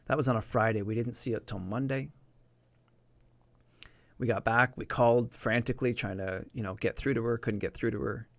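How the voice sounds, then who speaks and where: A man's voice: mid-range voice, fairly even intonation, moderate pace, gravelly, no echo. A man telling a personal story on his live stream in an earnest, emphatic way, repeating words to drive them home.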